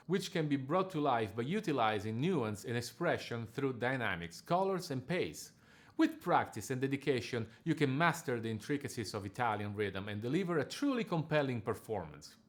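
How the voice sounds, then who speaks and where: A male diction coach delivers a scripted lesson for singers. He explains each point in a measured, precise way. His voice sits at a middle pitch for a man. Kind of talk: scripted instructional narration.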